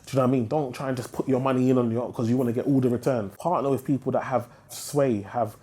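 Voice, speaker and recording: British man, podcast guest, rapid slangy delivery, warm low tone. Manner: animated, slangy, emphatic. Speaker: interviewee, investor. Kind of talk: casual podcast conversation.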